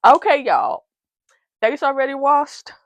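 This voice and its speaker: A woman's voice: high voice, expressive, unhurried. A young woman chatting casually to her viewers in a makeup vlog, hyper and giggly, rambling from one thing to the next. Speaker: beauty vlogger. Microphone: wireless receiver mic.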